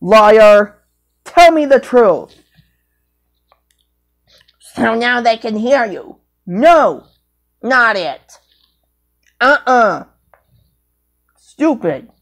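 Slow, scolding woman voicing toy play. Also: sing-song. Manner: repetitive, scolding, bursts of high loud cries. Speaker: vlogger. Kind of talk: toy play with improvised character voices.

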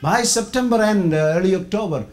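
A middle-aged man from India giving a sermon testimony, telling his story with loud quoted lines and low asides. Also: fairly quick.

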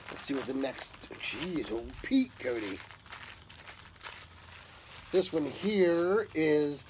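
Unboxing a gift of pipe tobacco and coffee, a man talks casually to his viewers on camera, drawling out enthusiastic exclamations. His pitch is fairly high with vocal fry, and there's slight background noise.

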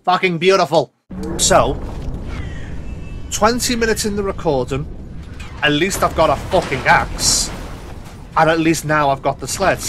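A man's voice: fairly high pitch, measured pace, pauses often, noisy background. Sweary exasperated man gaming. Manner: exasperated, sweary, talks to the game. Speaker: gaming YouTuber. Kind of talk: swearing gameplay commentary.

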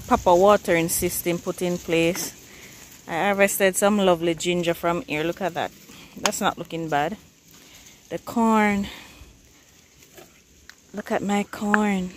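A gardening vlogger from Jamaica, speaking with a Jamaican accent in a lowish voice, chats casually through a walkthrough of her outdoor container garden. A little hiss or hum sits under the recording, and she laughs often while pointing out her plants.

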